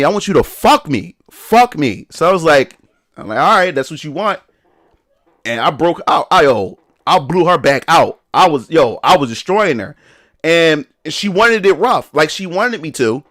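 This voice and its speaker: Chatting casually on a livestream, this young man has a voice on the high side with a fairly bright tone. He rambles in slang, often restarting and using fillers.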